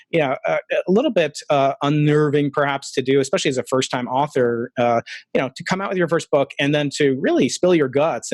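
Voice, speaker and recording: A man's voice: on the high side, no echo. Hesitant male podcast host, dry sound. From Long Island, New York. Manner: hesitant, frequent restarts and filler words. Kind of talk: casual interview chat.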